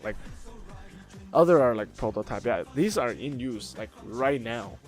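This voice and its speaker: A man's voice: medium pitch, animated, unhurried, faint music behind. A man hosting his own channel, chatting casually as he explains internet memes, with plenty of fillers and restarts. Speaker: YouTube host. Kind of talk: casual meme commentary.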